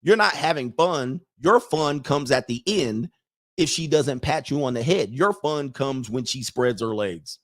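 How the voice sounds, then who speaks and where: A man's voice: medium pitch, lively intonation, a little slow, fairly bright tone. Blunt man giving dating advice. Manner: blunt, preachy, laughs at his own points; acts out other people's lines in put-on voices. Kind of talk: casual unscripted monologue.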